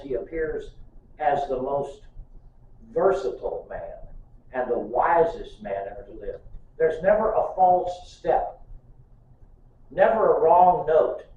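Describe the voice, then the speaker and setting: A man's voice: a little high, slight background noise. An older man preaching a sermon as pastor, telling folksy stories with humor. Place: church sanctuary. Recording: distant, echoey, muffled church recording.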